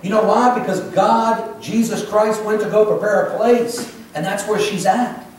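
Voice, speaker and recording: A man preaching an emotional sermon, swinging between loud pleas and hushed confessions, in a church sanctuary. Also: high-pitched, steady tone, normal speed, a little hiss or hum. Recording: echoey church from a distant mic.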